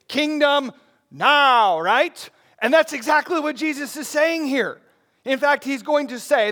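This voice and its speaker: A man's voice: sits high, a bit bright. A man preaching a sermon in a conversational way, asking the congregation questions and rising into emphatic bursts. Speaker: pastor.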